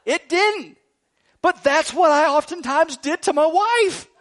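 A middle-aged male pastor giving a sermon in an animated, jokey way, often checking in with "right?". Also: very high-pitched, unhurried. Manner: animated, jokey preaching with frequent "right?" asides.

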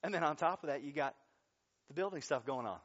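A man preaching a sermon as pastor, telling stories with lively, dramatic changes of voice when he acts out quotes. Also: fast, dull audio. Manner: animated storytelling, acting out quotes with big pitch jumps.

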